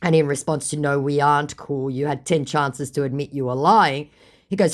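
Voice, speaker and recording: A woman's voice: sits low, fairly even intonation, normal speed. A woman telling the story of a scam chat in a scornful, sarcastic way. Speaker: vlogger retelling a scam chat.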